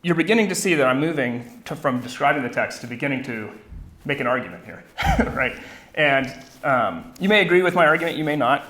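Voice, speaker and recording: A man's voice: medium pitch, lively intonation, fairly quick, pushed and bright. Conversational male lecturer in an echoey room. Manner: conversational, repeats words, often asks "right?". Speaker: conference speaker, Bible professor. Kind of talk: conference teaching talk. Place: conference room. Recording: roomy hall echo.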